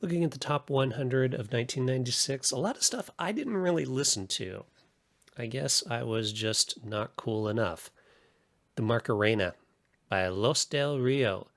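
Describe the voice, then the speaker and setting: A man's voice: medium pitch, fairly bright tone, no echo. A man hosting a podcast, giving casual pop-culture commentary in a chatty, opinionated way with frequent asides. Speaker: podcast host.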